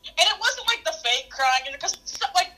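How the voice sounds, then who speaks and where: A young woman streamer chatting casually, telling a story in an animated way and acting out the quotes. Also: very high voice, normal speed, poor audio. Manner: animated, laughing, acts out quotes.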